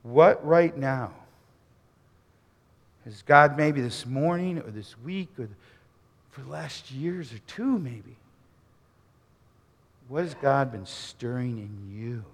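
A man preaching a sermon, telling a story dramatically and swinging from near-shouts to hushed murmurs. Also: mid-range voice, animated, slow, long pauses, in a large hall. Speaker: pastor.

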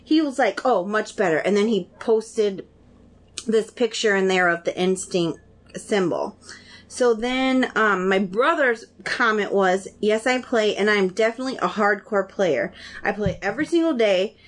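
A woman's voice: mid-range voice, measured pace. A woman co-hosting a podcast, chatting casually and acting out the people in her stories. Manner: animated storyteller, acts out quoted dialogue. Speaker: podcast co-host. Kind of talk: casual chat.

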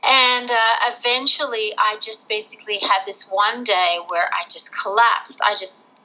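A woman's voice: mid-range voice, fairly even intonation, a little slow, sharp tone, poor audio. A middle-aged woman from Australia, a guest telling her own story candidly in a casual interview, laughing through the hard parts.

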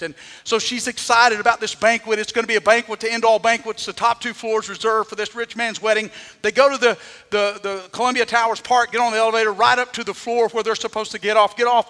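Pastor, male, high bright voice, dramatic sermon delivery, long church-hall reverb. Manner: preaching with dramatic shifts, acting out quoted voices.

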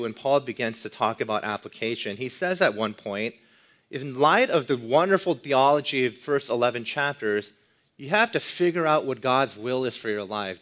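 A man's voice: mid-range voice, fairly bright tone. A man preaching an expository sermon as pastor, emphatic, repeating key words and putting questions to his listeners.

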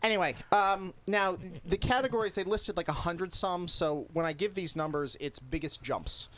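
Male podcast host, slightly high voice, crude and offhand, faint hiss under the recording. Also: moderate pace, a bit bright. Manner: reads out search statistics, crude and joking. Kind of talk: casual chat.

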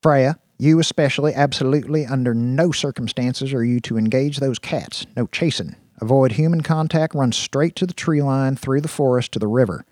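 A man's voice: medium pitch, moderate pace, few pauses, a little mellow, no echo, lightly acted. A folksy, commanding man leading a pack of cyborg dogs, as an actor plays him, with a drawl and a mid-range voice. The voice is recorded dry and close, audiobook style.

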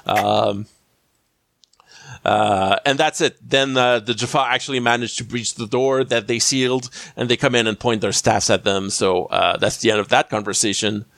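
A man's voice: lowish voice, steady tone, normal speed, creaky, fairly bright tone, no echo, clean studio sound. A man casually recapping a TV episode as a podcast host, rambling with lots of fillers and restarts. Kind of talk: casual chat.

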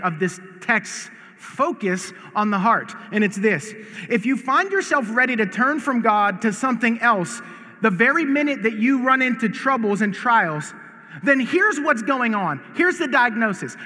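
A man from the United States preaching a sermon as pastor, earnest and emphatic, often repeating words and rising to shouts. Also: very high-pitched. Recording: long reverb of a large hall.

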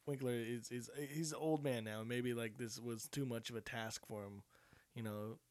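A man's voice: mid-range voice, fairly even intonation, normal speed, darkish tone. A man in a casual podcast discussion, sharing opinions on a TV series in a rambling way. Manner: rambling, restarts and fillers while giving opinions. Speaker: podcast co-host.

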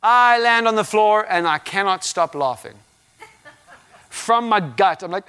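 A man delivers a sermon in a fairly high voice. He tells a personal story in an animated way, acting out his own reactions with bursts of laughter. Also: a little slow. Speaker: preacher.

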